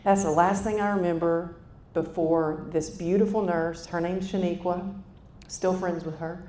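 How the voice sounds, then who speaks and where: A woman's voice: steady tone, a little slow, warm tone. Woman keynote speaker in an echoey hall. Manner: conversational, addresses the audience directly. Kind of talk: motivational keynote storytelling. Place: conference hall stage. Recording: echoey hall with faint rumble.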